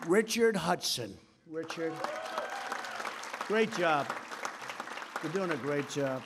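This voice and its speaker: A man giving an off-the-cuff political speech at a podium in a large conference hall, rambling and repeating himself with boastful asides. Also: fairly high pitch.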